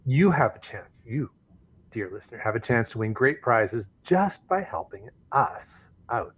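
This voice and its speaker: A man's voice: mid-range voice, sing-song, unhurried, husky, lo-fi sound. Playful male podcast co-host. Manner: playful, reads news with mock announcer hype. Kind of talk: casual podcast chat.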